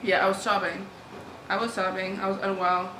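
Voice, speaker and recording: A young woman vlogging her reading, emotional and exclaiming, swinging from hushed to loud reactions. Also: medium pitch, level tone, normal speed, over music. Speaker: book vlogger. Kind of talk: reading vlog chatter. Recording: roomy echo, faint room noise.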